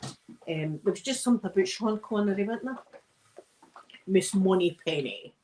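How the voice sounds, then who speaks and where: Scottish woman, tired and yawning, casual rambling chat, self-mocking, mid-pitched voice. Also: animated, a little fast, mellow, a little hiss or hum, low-quality recording. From Scotland. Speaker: ASMR livestream host. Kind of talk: casual chat while ironing.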